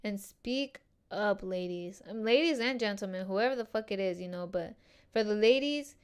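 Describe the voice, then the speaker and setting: A young woman talking straight into her podcast mic with a smooth, clear voice. She is casual and slangy, swears freely and keeps the talk animated, at a middle pitch. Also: moderate pace. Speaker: podcast host. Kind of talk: casual solo podcast monologue.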